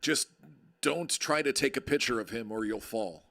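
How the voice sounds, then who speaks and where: Hosting a card break livestream, a man chats casually and rambles, trading jokes with viewers. His mid-range voice is creaky and fairly bright, and he speaks at a normal speed.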